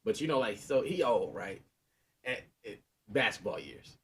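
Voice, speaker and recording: A man's voice: lowish voice, lively intonation, moderate pace, a bit bright, a little hiss or hum. A man in his thirties, a podcast co-host, telling a story in casual chat and laughing often, with a sore knee.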